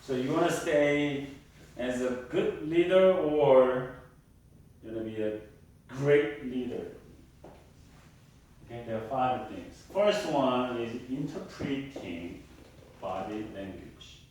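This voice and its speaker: Slow, emphatic male lecturer in echo. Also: mid-range voice, darkish tone, a little hiss or hum. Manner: emphatic, repeats points, checks in with the class. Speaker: university lecturer. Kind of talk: classroom lecture. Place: lecture room. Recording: very echoey room, mic far off.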